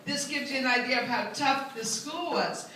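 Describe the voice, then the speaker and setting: Self-mocking older woman comic, high and bright, live stand-up, roomy distant sound. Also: normal speed, slight background noise. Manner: chatty, self-mocking storyteller who hops into high character voices. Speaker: stand-up comedian. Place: live comedy venue with an audience. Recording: very echoey room, mic at a distance.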